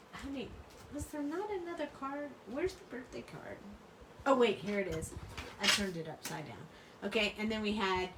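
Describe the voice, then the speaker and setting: In a casual crafting video, a middle-aged woman with a mid-range voice chats as she works, wandering off topic and laughing a lot. Her mic is some distance away in a roomy room, picking up slight background noise.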